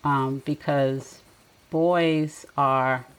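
A middle-aged woman speaking as a podcast guest in casual conversation, reflective and gently advising. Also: rumbling low, fairly even intonation, very slow, a little hiss or hum, rough recording.

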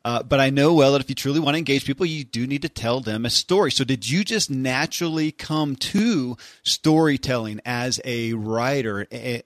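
A man's voice: medium pitch, no room sound, clean studio sound. A man hosting a podcast who asks his guest questions in a direct, to-the-point manner. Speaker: podcast host and interviewer. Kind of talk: interview questions.

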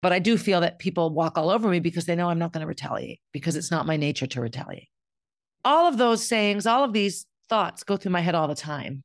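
A woman's voice: on the low side, expressive, fairly quick, no echo, clean studio sound. A middle-aged woman speaking candidly and bluntly in a reflective personal monologue, as the host of her own show. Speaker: podcast host.

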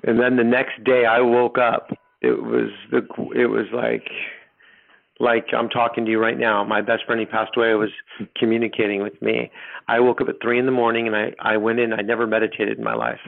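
A middle-aged man telling his personal story as a podcast guest, rambling and halting with many restarts. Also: mid-range voice, monotone, creaky. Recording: tinny phone line.

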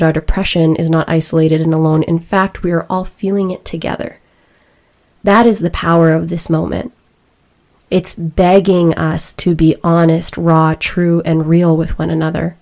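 Earnest woman speaking slowly about resilience. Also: fairly low pitch, level tone, darkish tone. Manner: earnest, emotional, slow and deliberate. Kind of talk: reflective personal talk.

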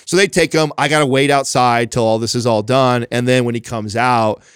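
A man's voice: medium pitch, steady tone, fairly quick, fairly bright tone, clean tone, dry recording, studio quality. A man in his thirties hosting a podcast, telling a story in a rambling way with many restarts and casual swearing. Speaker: podcast host.

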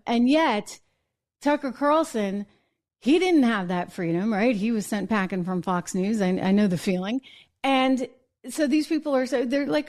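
Chatty, somewhat high-voiced woman talk host. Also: expressive, a little mellow. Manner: chatty, with quick asides and frequent restarts; wry, laughs at her own points. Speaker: host of her own political talk show. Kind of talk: live political commentary.

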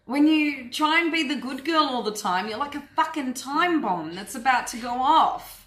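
A woman's voice: high voice, expressive, normal speed, fairly bright tone, slight background noise. A woman coach giving a frank, earthy workshop talk to a group, swearing freely and speaking with animation. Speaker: women's empowerment coach. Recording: echoey room.

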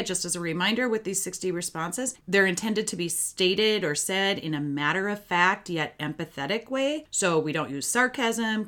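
A woman hosting a parenting podcast, explaining in a matter-of-fact, conversational coaching tone. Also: fairly low pitch. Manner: matter-of-fact, warm coaching with acted example phrases.

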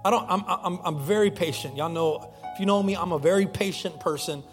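A man's voice: high voice, a little fast, in a large hall, soft background music. A young man preaching a sermon as pastor, telling stories in a conversational way with frequent restarts. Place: church sanctuary.

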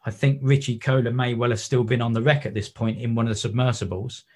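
A man's voice: mid-range voice, fast. A man, a wreck diver and photographer, telling stories in a podcast interview. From England. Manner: animated anecdotes with acted-out quotes.

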